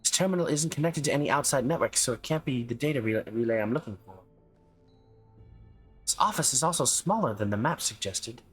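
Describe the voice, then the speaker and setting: A man reading a game's dialogue aloud, voicing an earnest young woman investigator in a measured way. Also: medium pitch, expressive, slightly rough, voice pushed up. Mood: puzzled. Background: faint game music.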